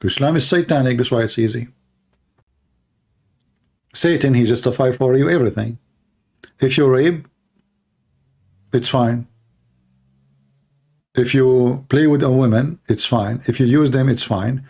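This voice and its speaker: A man arguing in a heated livestream debate, challenging listeners in broken, non-standard English and clearing his throat often. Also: mid-range voice, measured pace, long pauses, darkish tone.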